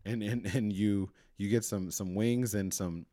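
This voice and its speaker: A man's voice: fairly low pitch, steady tone, a little slow, mellow, no room sound, studio quality. A man co-hosting a podcast in casual, chatty talk, laughing often. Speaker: podcast co-host. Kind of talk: casual chat.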